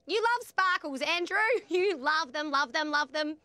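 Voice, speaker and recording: Woman doing a bossy female cartoon rabbit, insistent, high lively voice, loud music. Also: measured pace, dry recording, full character voice. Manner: insistent, fussing.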